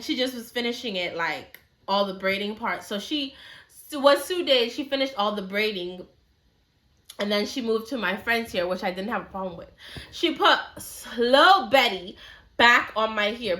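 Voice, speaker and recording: A woman's voice: a little high, a bit bright. A woman telling a story in a casual, chatty way, full of slang and "like" fillers.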